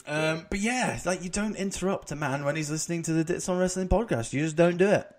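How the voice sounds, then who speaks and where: A man hosting a podcast in casual chat, joking with a lively delivery. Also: on the high side, fast talker. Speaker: podcast host.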